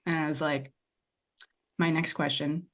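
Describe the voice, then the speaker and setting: A woman's voice: low-pitched, unhurried. A woman guest on a podcast telling a personal story candidly and expressively, wandering off into side remarks as she goes. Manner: expressive, digressive storyteller who acts out her past self. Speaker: podcast guest, money mindset and tapping coach.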